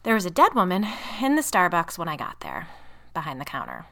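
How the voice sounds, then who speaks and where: A woman narrates a first-person audiobook in a wry, casually profane voice. Her tone is bright and crisp, and her pitch sits on the low side for a woman while swinging widely. She reads with a lively, expressive sense of timing. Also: brisk.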